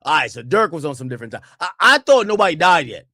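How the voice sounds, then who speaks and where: This man hosts a casual podcast and talks fast and loose in slang, with a voice a touch higher than most men's. He drifts from low muttering to sudden loud bursts. The sound is dry and close, with no room echo. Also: vocal fry. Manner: excitable, slangy, swings between muttering and loud outbursts. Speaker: podcast host. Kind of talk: casual chat reacting to clips.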